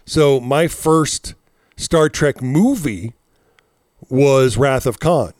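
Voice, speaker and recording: A man's voice: mid-range voice, very slow, darkish tone, dry recording, studio quality. A man in his forties, co-hosting a podcast in casual chat, rambling and cursing as he tells stories with laughs. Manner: rambling, profane, laughing storyteller. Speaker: podcast co-host.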